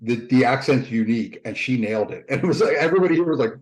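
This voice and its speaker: A man's voice: medium pitch, quick pace, few pauses, darkish tone, low-quality recording. A man, co-hosting a casual podcast. He thinks aloud, rambling and repeating words as he goes. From suburbs outside Philadelphia. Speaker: podcast co-host.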